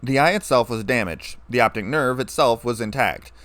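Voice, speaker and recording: A man reading a story aloud, playing a scarred, weary ex-soldier who speaks in a low, flat, calm way. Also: normal speed, dry recording, lightly acted.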